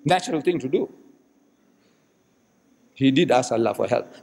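A man's voice: medium pitch, animated, measured pace, vocal fry, darkish tone. A man giving a religious lecture as a dramatic storyteller in a mosque, acting out the speakers he quotes. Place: mosque hall. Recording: echoey hall archive recording.

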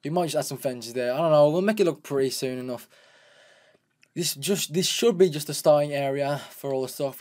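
Guy casually narrating his game as he plays, chatty, counts stuff out loud, mid-pitched. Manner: chatty, narrates each step, counts aloud. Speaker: gameplay commentator. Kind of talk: casual let's-play commentary.

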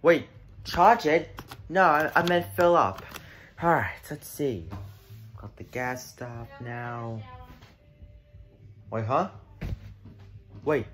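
A man's voice: medium pitch, takes it slowly, pauses often, a bit bright, faint music behind. A young man playing a confused driver in a comedy skit, flustered and whiny, stammering as he talks.

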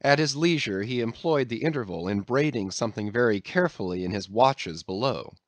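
Man reading an audiobook, lively pitch. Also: brisk, dry recording. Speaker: audiobook reader. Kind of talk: scripted narration.

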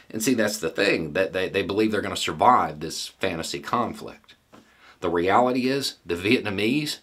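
Middle-aged guy, deep husky voice, folksy blunt commentary, lots of rhetorical questions. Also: a bit bright. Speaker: political commentator. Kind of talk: solo commentary monologue.

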